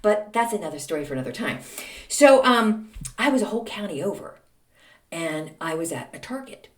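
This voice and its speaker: Female podcast host, casual storyteller, very lively pitch, slightly distant and roomy recording. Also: normal speed. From Texas. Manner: chatty, animated, with many fillers and acted-out quoted dialogue. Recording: roomy, a little distant from the mic.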